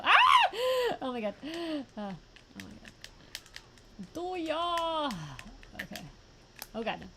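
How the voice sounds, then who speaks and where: A young woman streaming a fighting game, reacting with quick yelps, groans and laughs between plain remarks. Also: medium pitch, creaky, noisy background. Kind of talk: live gameplay commentary.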